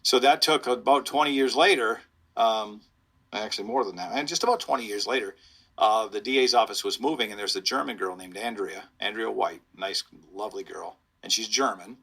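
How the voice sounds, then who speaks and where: A man's voice: lowish voice, brisk, sharp tone, breathy edge. A middle-aged man, a police public information officer, telling a rambling anecdote in an interview and chuckling as he goes.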